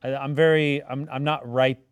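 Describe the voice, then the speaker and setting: Joking quick-talking male podcast host. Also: mid-range voice, level tone, crowd noise. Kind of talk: casual podcast chat.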